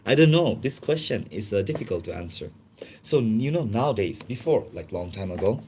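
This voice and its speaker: Male streamer, lower-pitched voice, casual halting English, chatty and quick to laugh. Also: lively intonation, a little mellow, a little hiss or hum. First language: Chinese. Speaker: livestream host. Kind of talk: casual livestream chat.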